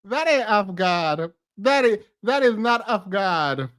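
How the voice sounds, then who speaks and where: Woman streamer, reaction commentary, slow delivery with a lively pitch, laughs a lot, dry close sound. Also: no echo. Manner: laughs often, mocking asides.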